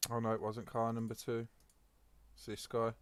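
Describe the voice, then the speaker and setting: A man giving live commentary on his sim racing, excitable and sweary, swinging between mutters and loud outbursts. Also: mid-range voice, normal speed, noisy background.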